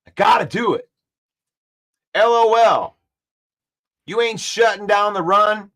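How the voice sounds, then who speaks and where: A man with a fairly high voice hosts a sports talk show in an animated, trash-talking way. He keeps repeating his points and gets worked up as he talks. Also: takes it slowly.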